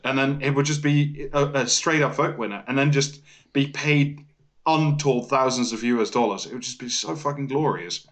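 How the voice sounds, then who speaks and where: A man's voice: medium pitch, moderate pace, fairly bright tone. A man co-hosting a casual political chat, talking with incredulous, laughing mockery.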